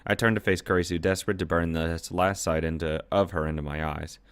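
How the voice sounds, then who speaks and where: A man's voice: low-pitched, fairly even intonation, brisk, smooth, no room sound. A man reading a visual novel's narration aloud, breaking off now and then to swear and react to the story.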